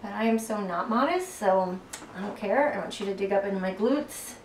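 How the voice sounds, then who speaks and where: A woman's voice: mid-range voice, expressive, fairly quick. A woman from South Carolina with a faint Southern accent, chatting playfully as she leads a floor stretching workout while rolling on a tennis ball. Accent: faint Southern American, mostly lost. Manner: chatty and playful, breaks off to chat mid-exercise. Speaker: fitness instructor. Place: echoey room, away from the mic. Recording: roomy echo, distant mic, faint hiss.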